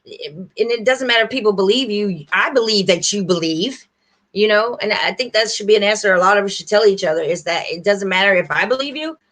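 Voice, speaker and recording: A woman hosting a livestream, rambling warmly and earnestly straight to her viewers in casual chat. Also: mid-range voice, fairly quick. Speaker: livestream host.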